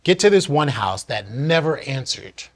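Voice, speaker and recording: Earnest husky-voiced man telling a story. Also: medium pitch, very animated, normal speed. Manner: earnest, candid, reflective. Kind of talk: personal story told in one take.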